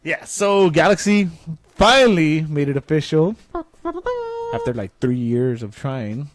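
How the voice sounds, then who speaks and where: A man hosting a casual fan chat, excitable and swearing freely. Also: fairly high pitch, measured pace. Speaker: host.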